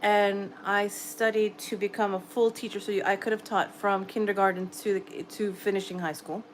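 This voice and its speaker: A woman's voice: mid-range voice, steady tone, moderate pace, slight background noise, poor audio. A middle-aged woman with a New York accent, chatting casually and encouragingly with viewers on a late-night livestream. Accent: American, New York. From New York area, US. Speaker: livestream host. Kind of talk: casual live chat reading comments. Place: home at night, quiet room.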